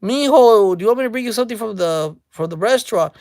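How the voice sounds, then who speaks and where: A woman's voice: a little high, lively intonation, fast, a little mellow, dry recording, clean studio sound. A woman voicing a doting mother who coddles her grown son, sweet and fussing.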